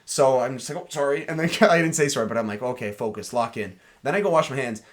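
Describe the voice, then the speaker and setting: A young man co-hosting a podcast, telling a story in an animated way full of fillers. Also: mid-range voice, quick pace. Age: young adult. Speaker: podcast co-host. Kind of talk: casual chat.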